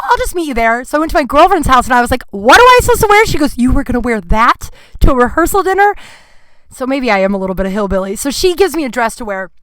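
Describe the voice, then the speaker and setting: A woman's voice: fairly high pitch, fairly bright tone, clean tone, no room sound. A young woman comedian hosting her podcast, telling a long, rambling, self-deprecating story full of swearing.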